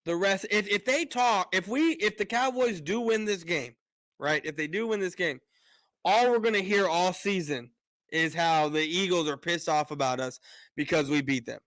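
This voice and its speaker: A man's voice: high voice, moderate pace, a bit bright, no room sound. A man ranting on a casual sports live stream, fired up, repeating words and restarting his sentences often.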